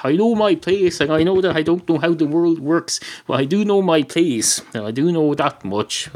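An Irish man voicing a smug, pedantic male talking cat who rambles and argues with a barman, in a deadpan comic monologue. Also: mid-range voice.

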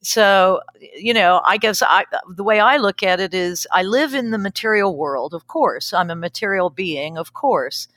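A woman's voice: medium pitch, animated, normal speed, a bit bright, dry recording. A woman pastor and podcast guest, speaking in an emphatic, reflective way and laughing easily. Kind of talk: casual conversational interview.

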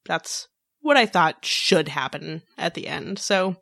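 A woman's voice: lowish voice, animated, slow pace, creaky, pushed and bright, no echo, studio quality. A woman co-hosting a casual podcast chat, talking hesitantly with stumbles and self-deprecating asides. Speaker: podcast co-host.

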